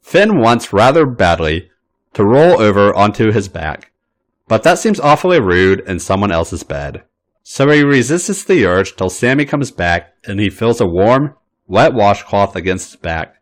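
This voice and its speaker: A man reading a story aloud as the podcast's narrator, in an expressive, animated way. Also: fairly low pitch.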